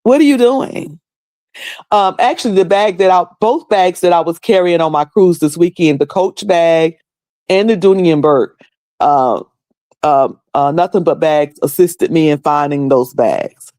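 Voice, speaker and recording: A woman's voice: on the low side, normal speed, dark tone, no echo. Rambling Southern woman streamer, dry close sound. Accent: Southern US, North Carolina. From North Carolina. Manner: rambling, many fillers and restarts. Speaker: livestream host. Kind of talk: casual livestream chat.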